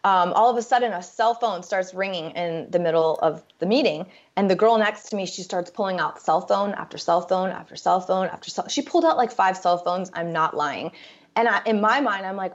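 A woman telling her personal story as an interview guest, candid and halting, with fillers and restarts. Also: on the low side. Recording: dull lo-fi sound.

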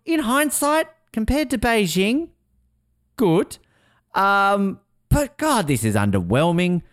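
Excitable podcast host who swears freely and mimics people mid-story; smooth tone. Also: male voice, mid-range voice, no echo, studio quality. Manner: excitable, swears, acts out quotes in voices. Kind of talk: casual chat.

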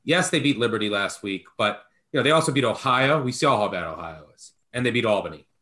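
A man's voice: mid-range voice, lively intonation, quick pace, sharp tone. A man co-hosting a sports betting podcast, talking emphatically with a jokingly apologetic edge. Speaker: podcast co-host, betting analyst. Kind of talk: casual sports betting chat.

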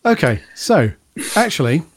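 A man's voice: on the high side, big pitch swings, unhurried, a little hiss or hum. A man hosting a casual podcast panel chat, talking loosely and drifting into tangents. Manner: chatty, rambling off on tangents. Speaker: podcast host.

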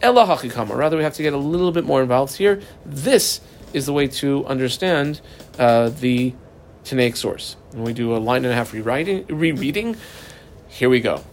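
A man teaching a Talmud passage line by line, animated and jumping up in pitch for emphasis. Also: moderate pace, a little hiss or hum. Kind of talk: explaining a text line by line.

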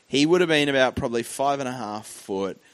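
A man's voice: mid-range voice, fairly quick, clean tone. A young Australian man from Tasmania, co-hosting a casual podcast chat, telling crude stories with lots of energy. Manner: crude, animated storyteller. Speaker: podcast co-host.

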